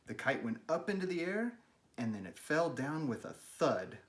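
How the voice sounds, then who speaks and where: A man hosting a children's read-aloud, narrating a story and making gentle, chatty asides to a pet. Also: fairly high pitch, sing-song, normal speed. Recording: roomy, echoey room.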